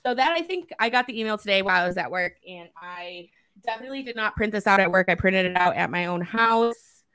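A woman's voice: medium pitch, lively intonation, fast talker, a bit bright, clear, resonant tone. A woman co-hosting a casual podcast, easygoing, chatting and asking short follow-up questions. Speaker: podcast co-host. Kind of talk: casual chat.

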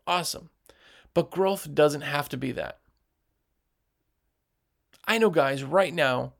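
Speaking in a somewhat high, creaky voice, a man who owns a window cleaning business gives other business owners direct, emphatic advice. He acts out what customers say as part of his motivational business talk.

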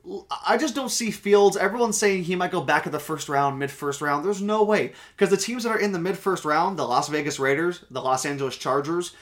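A man's voice: high voice, brisk, hardly any pauses, fairly bright tone. A young man with a slightly raised voice talks football on a casual podcast. He argues his picks emphatically, sure of his opinions, and swears casually as he goes. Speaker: podcast co-host. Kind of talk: casual sports podcast chat.

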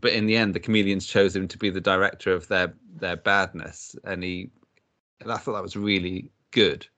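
A man's voice: low-pitched, fairly even intonation, normal speed, pushed and bright, dry recording. A man co-hosting a podcast, chatty, asking questions and laughing easily. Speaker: podcast co-host. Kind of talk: casual chat.

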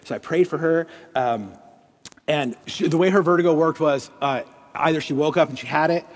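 A man's voice: a little high, normal speed. A man at a church telling stories of praying for strangers, with many fillers. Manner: animated storyteller, many fillers, drops to a hushed prayer. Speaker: guest speaker. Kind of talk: testimony and prayer. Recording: long hall reverb.

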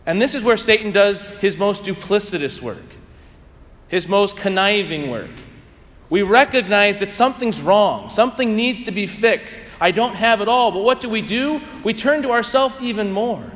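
A man preaching a homily, rising to emphatic peaks and sinking to soft, drawn-out phrase endings. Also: sits high, expressive, big-room sound. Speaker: priest.

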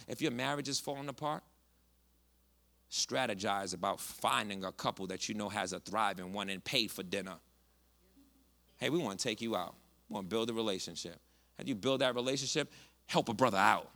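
A male pastor preaching a sermon, passionate and conversational, swinging from hushed asides to loud bursts. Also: medium pitch, vocal fry. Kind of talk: preaching a sermon with a personal story.

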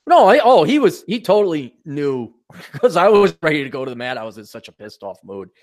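Blunt, animated male podcast host. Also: on the high side, fairly quick. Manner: blunt, profane, animated anecdotes. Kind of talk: casual chat, storytelling.

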